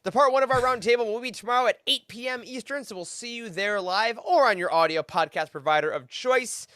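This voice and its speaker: A man's voice: extremely high pitch, brisk, sharp tone, no room sound, clean studio sound. A man hosting a fan podcast, upbeat and enthusiastic as he chats and signs off the show. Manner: upbeat, enthusiastic sign-offs. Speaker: podcast host. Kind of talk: casual chat and show outro.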